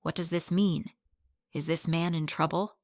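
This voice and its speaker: A woman's voice: sits low, fairly even intonation, normal speed, no echo. Woman reading as a snobbish, irritable male cafe manager, fussy, storybook, dry sound.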